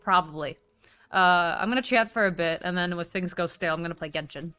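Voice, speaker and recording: A woman's voice: lowish voice, fairly quick, pushed and bright, clean tone. A woman livestreamer chatting casually, swearing freely and gushing thanks to her viewers. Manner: chatty, swears a lot, gushes thanks at donations. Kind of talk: casual stream chat.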